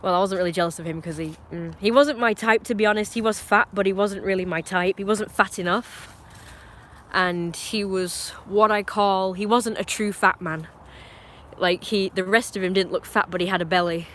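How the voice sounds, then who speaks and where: Here a streamer from England chats loosely during a live stream, wandering between opinions, breaking off and restarting. The mid-range voice stays steady at a moderate pace, a touch bright, with slight background noise.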